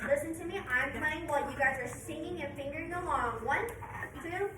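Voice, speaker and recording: A woman's voice: high-pitched, fairly quick. A woman teaching a middle school band class, encouraging and upbeat as she counts the students in. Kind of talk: leading a band rehearsal. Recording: echoey room from far off, noisy.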